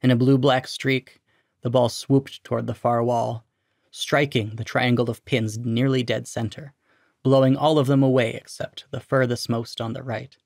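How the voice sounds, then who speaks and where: A man reading his own short story aloud in a measured, steady narration. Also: mid-range voice, vocal fry, no room sound, studio quality. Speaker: reader.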